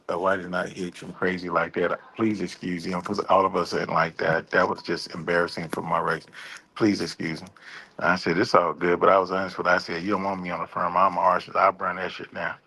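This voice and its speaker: A laid-back man drawls through a story on a casual talk show. His voice is low and gravelly, with a husky, rough grain. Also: level tone, a little fast, a bit bright.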